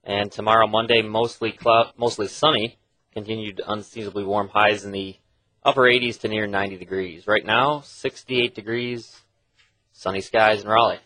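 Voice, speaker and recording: Radio producer reading the weather. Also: male voice, lowish voice, fairly even intonation, moderate pace, bright, forceful tone, no room sound, rough recording.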